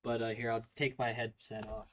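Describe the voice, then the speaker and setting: A man telling army training stories to his stream in a casual, profane, animated way. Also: mid-range voice, normal speed, slight background noise.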